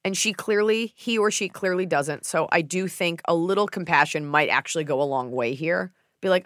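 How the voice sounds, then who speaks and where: A woman co-hosting a casual advice chat, cracking sarcastic, deadpan jokes. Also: fairly low pitch, a little fast, few pauses, dry recording, studio quality. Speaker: podcast co-host.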